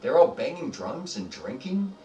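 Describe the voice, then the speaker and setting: A man running a tabletop game as game master, narrating in a chatty, halting way with many fillers. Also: on the high side, big pitch swings, dark tone, a little hiss or hum. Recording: roomy, distant mic, faint music.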